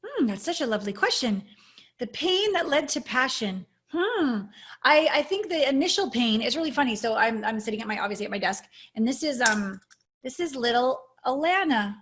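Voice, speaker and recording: A woman's voice: fairly high pitch, expressive, normal speed, a bit bright. A woman guest coach speaking in an interview, telling her personal story in an earnest, reflective and openly emotional way over a video call.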